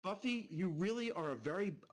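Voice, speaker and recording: High-voiced man on a profane rant. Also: lively intonation, a little fast. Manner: angry, profane, repetitive ranting. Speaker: live streamer. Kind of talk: heated live-stream rant.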